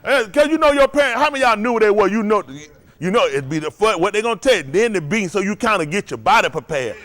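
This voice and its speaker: A man preaching, his voice sitting a little higher than most men's. He delivers the sermon with lively energy and acts out little scenes in different voices. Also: fast. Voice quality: animated preaching with acted-out voices, laughing and shouting at times. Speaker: pastor.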